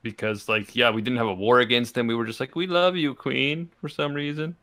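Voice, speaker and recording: A young Canadian man co-hosting a podcast in relaxed, slangy casual chat. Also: mid-range voice, fast. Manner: laid-back, slangy, says bro a lot. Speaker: podcast co-host.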